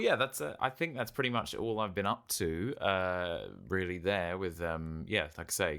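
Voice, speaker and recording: A man's voice: sits low, a bit bright, smooth. A man co-hosting a podcast, chatting casually with wry jokes and long asides. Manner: wry, joking, drawn-out asides. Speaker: podcast co-host. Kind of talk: casual chat.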